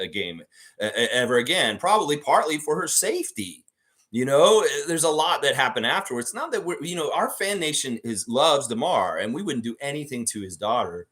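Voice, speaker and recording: Animated, swearing male fan host. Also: mid-range voice. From Canada. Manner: animated, swears a lot, repeats himself, reads chat aloud. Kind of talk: live fan stream chat.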